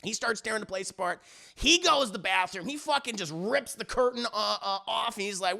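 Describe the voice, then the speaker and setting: A man's voice: high-pitched, fairly quick, creaky, pushed and bright. A man streaming live, animatedly retelling a story with lots of cursing while talking to his chat. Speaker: streamer reviewing media.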